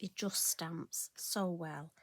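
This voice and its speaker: A middle-aged woman hosts a card-stamping craft tutorial, chatting to viewers as she works in a chatty, self-deprecating way. Her voice is lowish and she speaks slowly. There is no room sound.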